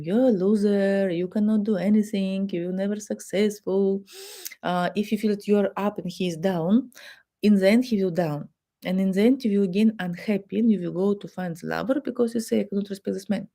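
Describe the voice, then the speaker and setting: A woman with a Russian accent speaks as a therapist giving advice in plain, simple non-native English. Her voice is mellow and warm, and she talks straight to her listeners. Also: medium pitch. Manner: non-native English with simple grammar, acts out quoted dialogue. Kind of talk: advice talk to the camera.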